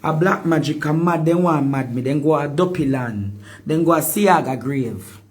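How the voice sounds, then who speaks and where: A man from Jamaica with a Jamaican accent, ranting animatedly on a live stream, repeating words and bursting into shouts. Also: a little high, normal speed, slightly rough. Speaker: social media personality.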